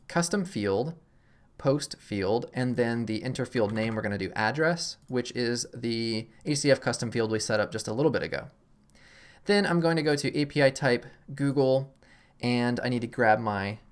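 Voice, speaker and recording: A man with a mid-range voice hosts a casual screen-recorded software tutorial. He thinks aloud as he clicks through, sounding relaxed and poking fun at himself.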